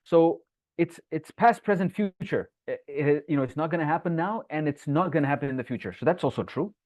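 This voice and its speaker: In a live online Quran class, an Islamic teacher works through each point, answers chat comments from viewers, and rattles off Arabic verses between English explanations. His voice sits on the high side and is a little mellow. The audio is tinny and phone-like, dry with no room sound.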